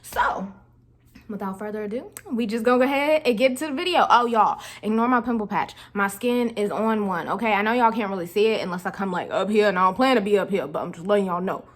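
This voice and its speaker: A woman's voice: mid-range voice, quick pace. A young woman vlogger telling a casual storytime, chatty and slangy, talking straight to her viewers.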